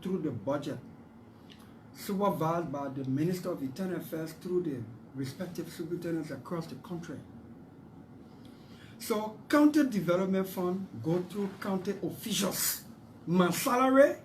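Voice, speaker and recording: A man's voice: sits high, a little mellow, slight background noise, low-quality recording. A man as a senator answering interview questions in an assertive, combative way.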